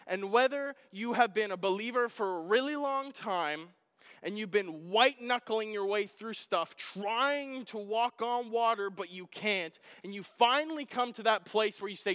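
A middle-aged man preaching a sermon as a pastor, telling a personal story with acted-out shouts. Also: high voice, measured pace, clear, resonant tone. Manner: animated storytelling, acting out his own shouts. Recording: long hall reverb.

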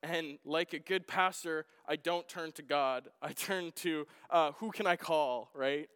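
A middle-aged man preaching a sermon as a pastor, telling a personal story with acted-out shouts. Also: on the high side, a little slow, clear, resonant tone. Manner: animated storytelling, acting out his own shouts. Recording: long hall reverb.

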